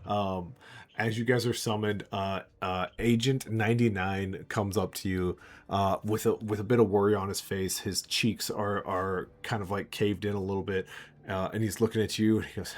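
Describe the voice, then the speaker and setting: A man's voice: fairly low pitch, fairly even intonation, normal speed. A man running a tabletop game as game master, rambling and laughing often.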